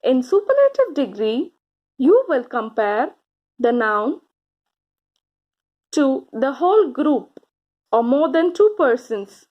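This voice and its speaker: A woman teaching grammar to children, speaking slowly and encouragingly, stretching out key words and pausing for answers. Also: high-pitched, big pitch swings, muffled recording. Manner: slow, encouraging, drawn-out words with pauses for answers.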